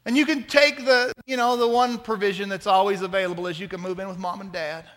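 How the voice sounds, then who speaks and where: A man preaching a sermon as pastor, talking to the congregation in a conversational, joking way with lively asides. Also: high voice, fast talker, big-room sound.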